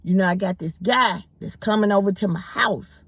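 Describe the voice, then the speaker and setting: Woman telling a story, lively, stumbles over words, dry close sound. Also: medium pitch, normal speed, slightly rough, dry recording. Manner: animated, repeats words, acts out quotes. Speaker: storyteller host. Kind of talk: casual storytelling.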